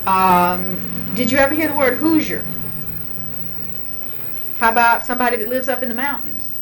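A woman's voice: fairly high pitch, lively intonation, moderate pace, a bit bright, a little hiss or hum, poor audio. A woman interviewer who patiently prompts answers by starting sentences and leaving them for the other person to finish. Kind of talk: dialect survey interview.

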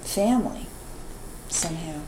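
Woman, lowish voice, attentive conversational partner; audible noise and clicks behind her. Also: animated, measured pace. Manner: attentive listener, frequent murmured agreement. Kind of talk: casual conversation. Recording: noticeable background noise with clicks.

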